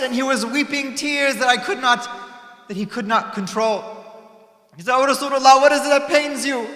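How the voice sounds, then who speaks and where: High bright preacher in an echoing hall. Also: male voice. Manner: dramatic, swinging from loud cries to hushed lines. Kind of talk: mourning sermon recitation. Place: Islamic center prayer hall. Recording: echoey hall with long reverb.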